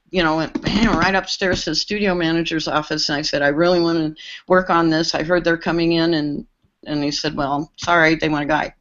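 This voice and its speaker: A woman with a fairly low voice tells studio stories in a casual, lively way. She acts out the quoted lines as she goes. The call audio sounds muffled and lo-fi. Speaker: recording engineer guest. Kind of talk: casual storytelling on a group call.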